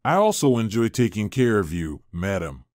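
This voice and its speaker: Kind, calm young woman caregiver, read by a man, dry and close. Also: lowish voice, normal speed, no room sound. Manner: calm, melodious.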